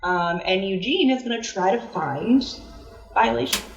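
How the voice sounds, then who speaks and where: A woman telling her character's moves in a tabletop role-playing session, slow and unhurried, breaking into giggles. Her voice rings in an echoey room. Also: medium pitch, far from the mic, muffled recording. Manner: giggly, relaxed storytelling. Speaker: tabletop game player.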